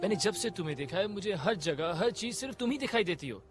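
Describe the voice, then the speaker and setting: A man's voice: sits high, lively intonation, racing. An actor playing a lovesick young man in a film, speaking earnestly to a girl over music. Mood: pleading. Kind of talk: Bollywood film acting.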